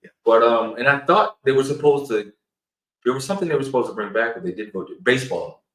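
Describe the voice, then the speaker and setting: A man co-hosting a casual podcast chat, telling a story with lots of laughter and a lively delivery. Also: mid-range voice, fast, reverberant, low-quality recording. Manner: animated storytelling with frequent laughter. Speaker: podcast co-host.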